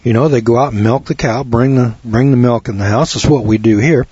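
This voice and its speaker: A man's voice: medium pitch, fairly quick, mellow, slightly rough, no room sound. A man giving a rambling, folksy health talk to an audience, acting out quoted dialogue as he goes. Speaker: health lecturer. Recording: dull lo-fi sound.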